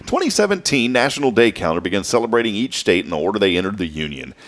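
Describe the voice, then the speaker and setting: A man's voice: fairly low pitch, very animated, a bit bright. A man hosting a local morning talk show, upbeat and jokey in casual on-air chat. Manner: upbeat, jokey, talks fast.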